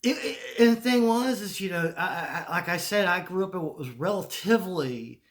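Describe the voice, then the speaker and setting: A Southern man in his forties from Charlotte, North Carolina, hosts a podcast in a high-pitched, expressive, brisk voice. He tells stories in a rambling, casual monologue, swearing, laughing, and restarting often.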